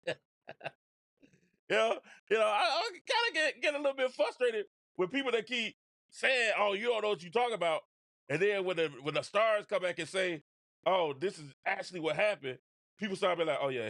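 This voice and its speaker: Male sports talk host, high and very lively pitch, addresses his audience directly, repeats points. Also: creaky, no echo, studio quality. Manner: animated, repeats phrases, talks straight to viewers. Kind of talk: casual basketball commentary.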